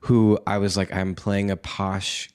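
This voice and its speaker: A man in his thirties, a guest in a casual interview, telling stories in an animated way, acting out quotes and laughing often. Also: deep voice, measured pace, smooth. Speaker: guest actor.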